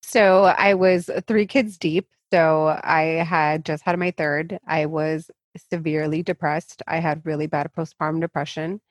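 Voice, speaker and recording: A woman's voice: low voice, steady tone, no room sound. A woman who works as a fitness coach, talking candidly and emphatically as an interview guest. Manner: frank, emphatic, speaks in rushes.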